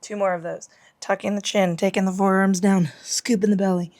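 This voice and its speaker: A woman's voice: medium pitch, level tone, fairly quick, a little mellow. Woman teaching yoga, profane and ranting. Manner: profane, ranting, cues moves between tangents; cues some moves in a whisper. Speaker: yoga instructor. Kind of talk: casual guided yoga class.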